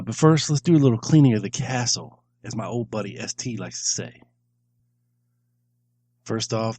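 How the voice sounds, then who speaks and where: A man's voice: lowish voice, darkish tone, no room sound. A man hosting a podcast in a casual monologue, wordy and grandiose, often repeating himself. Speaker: podcast host.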